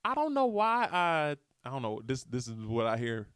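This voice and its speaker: A man's voice: wildly swooping pitch, moderate pace, fairly bright tone, clean tone, dry recording, clean studio sound. A man putting on his partner's voice, an exasperated adult woman, for a podcast bit. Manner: high exasperated put-on falsetto.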